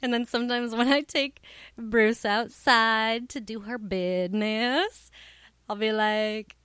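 A woman's voice: on the high side, steady tone, takes it slowly, fairly bright tone, clear, resonant tone, dry recording, clean studio sound. Giggly woman hosting a comedy podcast. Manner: giggly, playful, chatty. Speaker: podcast host. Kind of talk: casual comedy podcast chat.

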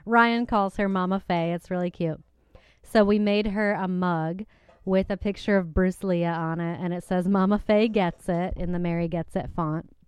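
A woman's voice: fairly low pitch, fairly even intonation, moderate pace, clear, resonant tone, no room sound. A woman hosting her podcast from home at a microphone, chatting casually in a bubbly, giggly, gushing way. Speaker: podcast host. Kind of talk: casual chat. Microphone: desk microphone.

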